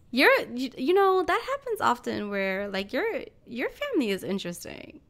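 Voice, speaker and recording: A woman's voice: a little high, big pitch swings, unhurried, a bit bright. A woman hosting a podcast, teasing her guest and laughing often. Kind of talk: casual chat.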